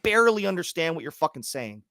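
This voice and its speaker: A man from Canada co-hosting a livestream podcast, ranting forcefully and swearing freely. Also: a little high, sing-song, quick pace, no room sound, studio quality. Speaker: podcast co-host. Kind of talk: heated livestream podcast talk.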